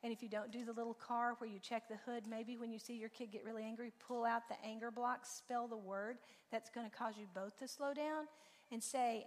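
A woman giving a lively, informal talk to a church parenting group, acting out her own stories as she goes. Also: a little high, fairly quick. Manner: animated storytelling, acts out her own lines. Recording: long reverb in a large room.

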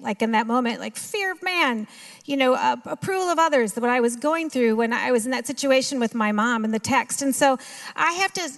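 A woman's voice: high-pitched, animated, fairly quick, gravelly. A woman in her fifties with a Minnesotan accent, giving a personal testimony to a recovery group in a conversational, self-deprecating way.

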